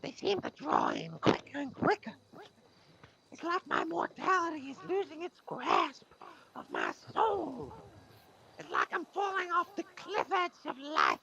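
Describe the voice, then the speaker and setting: A whiny, squeaky moth man complaining dramatically about his woes,. His bright, tense voice swoops very high with a gravelly edge. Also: wildly swooping pitch, unhurried, muffled recording, heavily acted. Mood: self-pitying.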